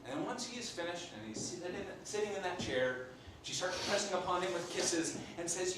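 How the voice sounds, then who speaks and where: A man doing a comic in-character monologue as an improv performer, an animated storyteller playing a Renaissance papal scribe. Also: sits high, fairly quick, noisy background. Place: live theater stage. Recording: echoey stage from far off.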